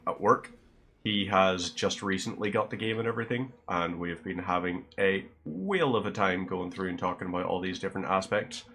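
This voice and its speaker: Male streamer, low voice, rambling casual chat, dry self-deprecating humor. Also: a bit bright, slight background noise. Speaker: livestreamer.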